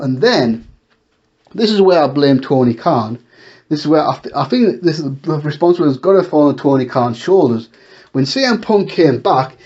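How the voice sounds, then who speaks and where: A man's voice: fairly high pitch, a little mellow. A man hosting a wrestling talk show, ranting in exasperation and firing off rhetorical questions. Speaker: wrestling commentary host. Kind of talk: casual opinion talk. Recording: dull lo-fi recording.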